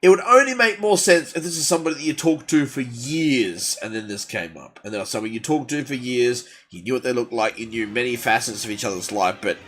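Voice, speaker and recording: A man's voice: medium pitch, brisk, few pauses. A man chatting casually on a gaming livestream, rambling and joking as he plays. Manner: animated, rambling and jokey. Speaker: gaming streamer.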